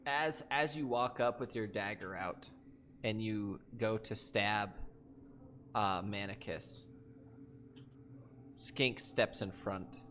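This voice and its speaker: A man narrating as game master of a tabletop game, animated and a little stumbling. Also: lowish voice, takes it slowly, pauses often, slight background noise.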